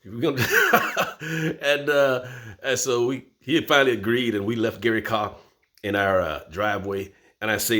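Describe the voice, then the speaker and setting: A man's voice: fairly low pitch, moderate pace. A man, telling a personal story as host and acting out voices. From Florida, USA. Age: 50s. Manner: animated, acts out voices.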